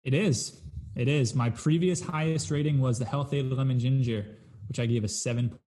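A man's voice: medium pitch, moderate pace, warm tone. A man co-hosting a podcast in casual chat, easygoing with dry humor. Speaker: podcast co-host.

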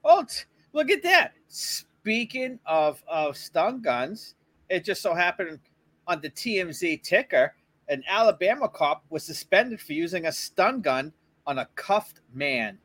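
A man's voice: high voice, big pitch swings, unhurried, fairly bright tone. A man co-hosting a podcast, chatting casually with lots of swearing and offhand news remarks. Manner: swearing, laughing, reads news items offhand. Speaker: podcast co-host. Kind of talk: casual profane banter.

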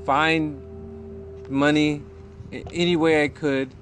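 Halting, candid man recounting hard times. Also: fairly high pitch, flat delivery, a bit bright, faint music behind. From California. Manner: halting, with many restarts and pauses. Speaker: guest sharing recovery story. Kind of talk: candid conversational interview.

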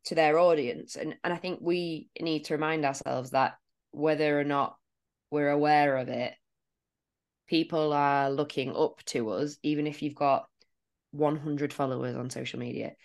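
A woman's voice: sits low, fairly even intonation, moderate pace. A woman co-hosting a podcast as a fitness coach, talking earnestly and reflectively about clients. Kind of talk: casual podcast chat.

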